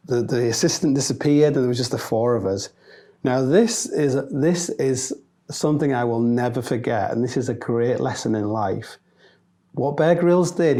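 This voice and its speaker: Northern English male storyteller, animated, swears, mimics others, warm low-bright timbre, mid pitch. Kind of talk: comic anecdote monologue.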